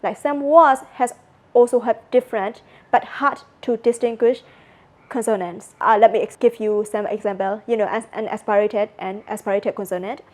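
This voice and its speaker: A woman's voice: on the high side, steady tone, darkish tone. Burmese-accented woman teaching pronunciation. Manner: chatty, heavy use of "like" and "you know", repeats sounds slowly to demonstrate. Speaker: language presenter. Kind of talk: informal conference lecture.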